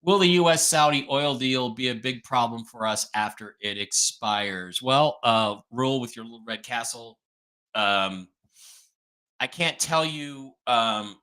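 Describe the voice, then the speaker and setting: Blunt man hosting a bright livestream. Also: mid-range voice, measured pace, clean tone. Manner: blunt, dismissive, thinks aloud while fiddling with mic settings. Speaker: livestream host reading viewer questions. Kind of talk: casual livestream chat. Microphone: desk microphone whose level drops as he moves away.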